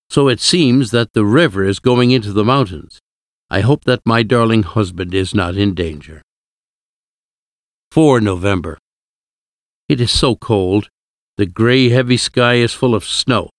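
A male narrator reads an audiobook in a steady, even voice. His pitch sits low, and the recording is close and dry. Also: dry recording. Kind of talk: scripted narration.

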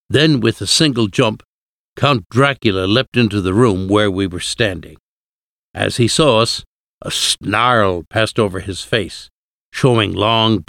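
A man narrating a storybook in a measured, deliberate reading. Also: fairly low pitch, fairly bright tone, dry recording, studio quality. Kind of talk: audiobook reading of a classic novel.

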